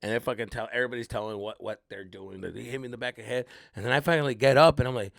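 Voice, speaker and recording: A man's voice: racing, gravelly, hardly any pauses, dry recording, studio quality. A man hosting a comedy podcast, telling a story casually and profanely, with Spanish slang mixed in. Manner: animated, acts out quoted people in high voices.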